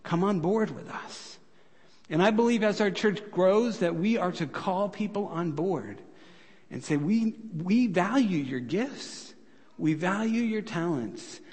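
A male pastor delivers a sermon from the pulpit in a relaxed, conversational way, with frequent rhetorical questions. His voice sits high for a man. A long church reverb trails behind him. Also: slightly rough. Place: church sanctuary.

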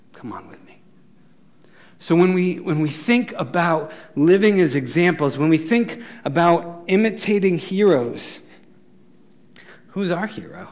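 Animated man preaching a sermon. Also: on the high side, measured pace, long pauses. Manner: animated, acts out quoted voices, laughs at own jokes. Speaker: pastor.

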